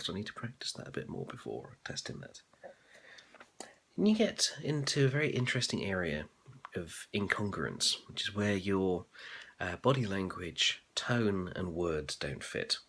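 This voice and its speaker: Guy with a low husky voice chatting thoughtfully, lots of ums and uhs. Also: fairly bright tone. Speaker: MBA student vlogger. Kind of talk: casual reflective monologue.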